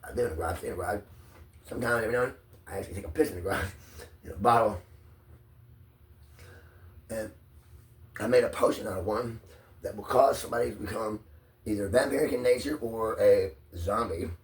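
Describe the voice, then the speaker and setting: A man's voice: lowish voice, fairly quick, pauses often, far from the mic. A stressed man rambling profanely into his phone, drifting from one idea to the next. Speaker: vlogger.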